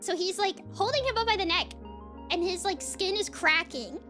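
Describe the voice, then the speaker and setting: Woman streamer, high voice, excitable rambler, heavy on fillers. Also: normal speed, over music. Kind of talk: casual stream chat.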